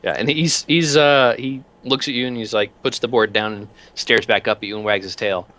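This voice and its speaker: A man narrating as game master in a tabletop game, animated and rambling with many fillers. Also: medium pitch, brisk.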